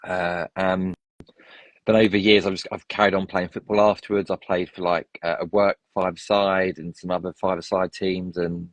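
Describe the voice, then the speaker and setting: A man's voice: sits low, level tone, moderate pace, no room sound. A man telling his life story as an interview guest, rambling with restarts and tangents. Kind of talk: casual storytelling.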